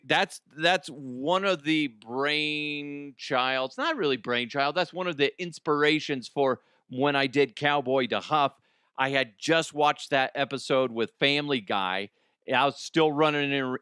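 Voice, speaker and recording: Podcast host, man, smooth clear voice, rambling jokey delivery, dry close mic. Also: medium pitch, bright, forceful tone, no room sound. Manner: rambling, joking, laughs often. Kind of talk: comic news podcast chat.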